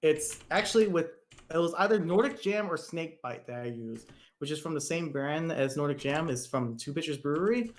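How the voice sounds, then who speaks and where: A man's voice: on the high side, lively intonation, normal speed. A man with a Southern US accent, co-hosting a casual podcast chat, laughing and swearing casually as he talks. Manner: laughs often while telling a recipe, swears casually. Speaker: podcast co-host.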